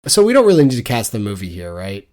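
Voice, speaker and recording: A young man with a lowish voice co-hosting a book-club podcast. He talks loosely and conversationally, looping through "like" and restarts as he tells stories. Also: wildly swooping pitch, fast, a little mellow. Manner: chatty, rambling with many "like"s. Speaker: podcast co-host. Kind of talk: casual book-club chat.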